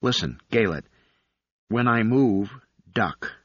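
A man voicing a weary, resigned man cornered in the field, speaking in a low mutter. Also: animated, takes it slowly, fairly bright tone, breathy edge, no echo, exaggerated voice. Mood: urgent. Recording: dull lo-fi recording.

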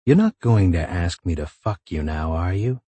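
A man voicing a patient young man who speaks deadpan. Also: low voice, normal speed, slightly rough, no echo. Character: patient, steady young man, nervous underneath.

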